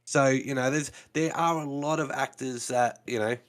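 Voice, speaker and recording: A co-host on a casual podcast chat explains things at length, leaning on fillers like "you know." His medium-pitched voice is steady, fairly bright, clear, and resonant, at a moderate pace.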